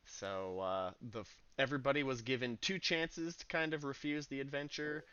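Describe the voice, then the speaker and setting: A man's voice: mid-range voice, steady tone, normal speed, a bit bright, clear, resonant tone, no room sound, muffled recording. A man running a tabletop game as game master, narrating scenes casually with frequent hesitations. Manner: casual, hesitant with many "uh"s, laughs easily.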